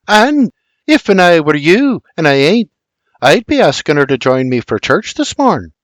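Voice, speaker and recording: A man plays a cheeky young woman, pitched high and swinging wide as she needles her brother. Her voice is bossy and sarcastic, dry with no room sound. It is for a storybook audiobook. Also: very animated, a little slow, dry recording. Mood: teasing. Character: sarcastic teasing young colonial woman, a little sister.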